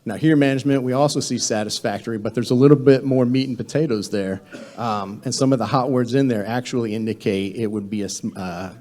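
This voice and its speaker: A man with a mellow, warm-toned voice leads a live training session on government contracting. He talks in a loose, conversational way, full of "um"s and self-corrections, at an ordinary pitch. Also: fairly quick, few pauses. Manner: conversational, many fillers and restarts.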